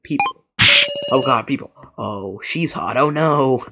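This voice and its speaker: A man playing a video game with a friend, joking, yelling in surprise, and reading the game's lines in a flat deadpan. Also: mid-range voice, measured pace, background noise. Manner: jokey, excitable outbursts, flat deadpan reading. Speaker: let's play gamer. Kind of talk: casual gameplay commentary, reading dialogue aloud. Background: loud game music.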